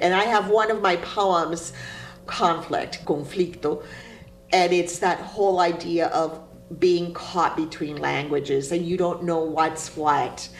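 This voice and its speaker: A woman from Cuba, a poet, telling stories in an interview with an animated manner and frequent laughter. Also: fairly low pitch, low-quality recording. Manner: animated storytelling, laughs often. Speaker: poet guest. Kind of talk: interview conversation.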